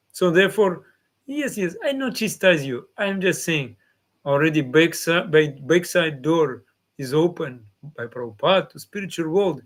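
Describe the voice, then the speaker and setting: A man's voice: fairly high pitch, expressive, normal speed. A man giving a devotional class in simple, non-native phrasing, often acting out the replies of his listeners. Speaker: spiritual teacher.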